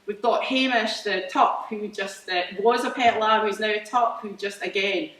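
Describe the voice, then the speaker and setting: Addressing an audience, a Scottish woman farmer chats eagerly about her farm business with many fillers and restarts. Her mid-range, slightly bright voice keeps fairly even intonation at a moderate pace, heard through a distant mic in a roomy hall.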